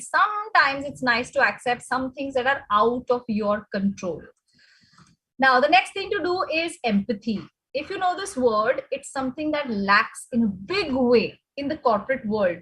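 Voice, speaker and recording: Indian woman lecturer, high voice, chatty, keeps asking the class okay?. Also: a bit bright, husky, poor audio. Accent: Indian English. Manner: conversational, asks the audience, frequent "okay?".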